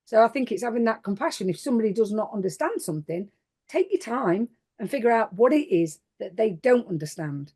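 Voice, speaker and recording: A woman's voice: fairly high pitch, expressive, fairly quick, dark tone, husky. A middle-aged woman, speaking as a podcast panelist in a plain-spoken, reflective way. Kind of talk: casual panel discussion.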